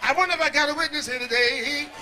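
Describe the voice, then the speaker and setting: High, bright-voiced whooping preacher. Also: male voice, fast talker. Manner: chanted, cries out, punctuated with "uh". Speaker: pastor. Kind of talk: whooping sermon.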